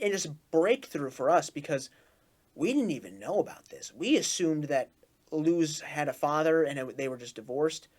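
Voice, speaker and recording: A man's voice: a little high, a little mellow. A man hosting a reaction video, talking casually and effusively, repeating his praise and stumbling into restarts. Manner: talks through restarts and stumbles.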